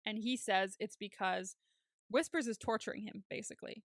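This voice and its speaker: A woman co-hosts a podcast and recaps a TV episode in relaxed, chatty talk. She laughs easily and swears casually, and her voice sits at a middle pitch. The sound is close and dry, with no room around it. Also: moderate pace, dry recording. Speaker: podcast co-host.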